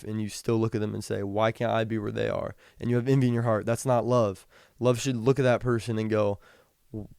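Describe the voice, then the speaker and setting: A young man hosting a podcast, talking casually about the Bible, reading scripture slowly and rambling with frequent restarts. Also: mid-range voice, darkish tone, clear, resonant tone, no echo, studio quality. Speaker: podcast host. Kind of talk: casual Bible teaching talk.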